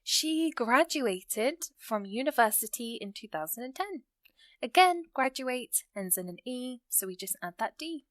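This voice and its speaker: A woman teaching English grammar, explaining rules patiently and reading example sentences slowly with stressed key words. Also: on the high side, expressive, a bit bright, no room sound, studio quality.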